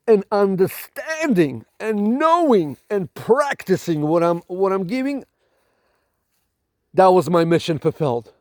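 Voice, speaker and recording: High-voiced guy with an accent preaching to his followers, dramatic and repetitive, super dry close sound. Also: very animated, a little slow, darkish tone, no echo. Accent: non-native accent. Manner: dramatic, preachy, repeats "my galactic family"; emphatic, with restarts and repetition. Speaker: spiritual channel host. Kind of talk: spiritual monologue to camera.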